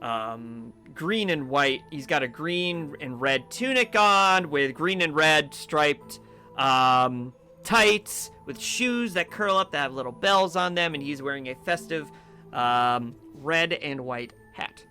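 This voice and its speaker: Bright-voiced man narrating as game master. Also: a little high, slow, faint music behind. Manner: relaxed, rambling descriptions with many fillers.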